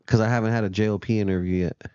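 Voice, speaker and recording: A man's voice: lowish voice, fairly even intonation, rapid-fire, mellow, smooth, no echo, highs cut off. A man co-hosting a casual show, talking in a laid-back, profane way and laughing often while he reacts to news clips. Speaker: podcast co-host.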